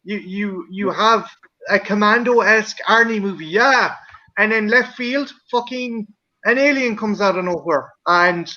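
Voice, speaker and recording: An excitable man with a high, bright, sharp voice chats casually, swearing and restarting his sentences. He is on a dull, lo-fi call line from a home mic. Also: measured pace. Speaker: co-host. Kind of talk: casual chat.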